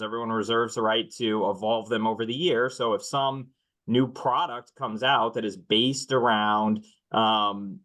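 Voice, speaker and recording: Candid, measured male finance chief. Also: fairly low pitch, a bit bright, low-quality recording. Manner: measured, candid, dry humor, filler ums. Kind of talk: webinar panel discussion.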